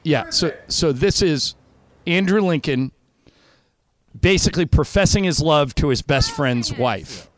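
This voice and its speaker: A man's voice: on the high side, expressive, a little slow. Bantering male radio host. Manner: teasing, argumentative. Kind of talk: casual banter and live ad read.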